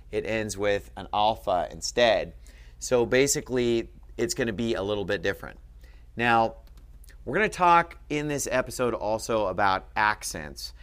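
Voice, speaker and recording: A man with a fairly low voice teaches at a board, calm and patient. He walks through each point step by step and keeps checking that his listener follows. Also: clear, resonant tone. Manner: patient, checks in with frequent "okay?". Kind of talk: explaining grammar at a board.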